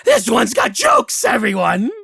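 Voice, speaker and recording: A gleeful, hungry hag, as a man puts her on, cackling and taunting in a voice pitched well above his own. She drawls her threats slowly, with a strange, unnatural timbre. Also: huge pitch swings, gravelly, pushed and bright, breathy edge, dry recording, exaggerated voice. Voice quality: cackling, sing-song taunting. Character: sinister hungry female hags, mocking and gleeful.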